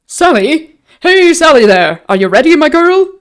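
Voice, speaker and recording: A woman voicing a busy male innkeeper who calls out loudly and lustily across the room. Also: sits high, big pitch swings, measured pace, pitched above the performer's own voice. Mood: bustling. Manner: loud, calling out lustily. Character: bustling male innkeeper shouting. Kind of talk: read-aloud character voice.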